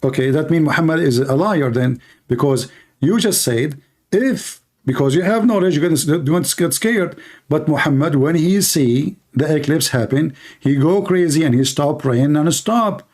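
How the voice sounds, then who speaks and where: A man whose first language is Arabic, speaking English with a fairly high voice. He hosts a live debate stream and presses his caller with blunt, mocking questions, repeating each one until he gets an answer. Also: expressive, normal speed, a little mellow. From Middle East.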